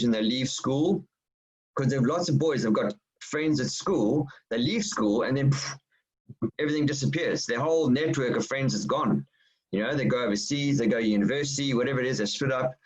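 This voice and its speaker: Earnest Australian man on a muffled call. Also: medium pitch. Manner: earnest, repeats phrases. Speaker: webinar panelist. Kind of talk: casual discussion. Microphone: video call. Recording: muffled lo-fi video call audio.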